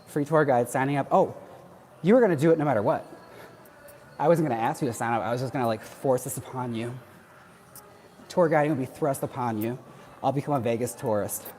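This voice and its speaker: A chatty man talks casually while working out, joking and laughing along the way. His pitch sits in an ordinary middle range. A faint hiss of noise sits under the voice. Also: fairly quick, long pauses, a little mellow. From Wisconsin. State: working out on cardio. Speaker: livestream host. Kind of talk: casual chat while exercising.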